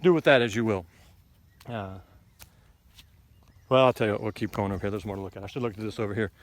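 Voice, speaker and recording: A man's voice: fairly low pitch, quick pace, no room sound. A man giving a casual, rambling tour of his garden outdoors. He is blunt and opinionated and fills his talk with ums and asides. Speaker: homesteading vlogger.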